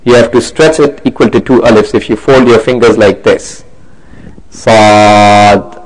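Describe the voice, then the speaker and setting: A man teaching a religious lecture at an even, middling pitch. He explains step by step in English sprinkled with Arabic terms, pausing to ask his listeners to confirm. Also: poor audio. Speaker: Islamic teacher.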